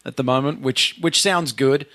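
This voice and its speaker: Man, podcast panelist, mid-pitched, dry matter-of-fact tone. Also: moderate pace, sharp tone. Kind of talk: casual podcast chat.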